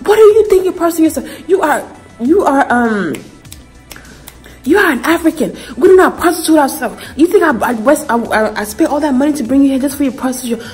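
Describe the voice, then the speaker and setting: A woman voicing a furious middle-aged father who yells and scolds his daughter, repeating accusations over and over. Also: very high voice, lively intonation, fairly quick, soft background music, pitched above the performer's own voice. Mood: ranting. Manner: yelling, accusing, repeating insults.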